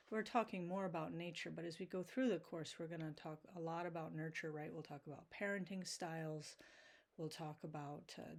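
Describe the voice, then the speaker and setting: Female teacher, lowish voice, relaxed lecture while working through slides. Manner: casual, checks in with frequent "right?". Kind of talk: recorded video lecture.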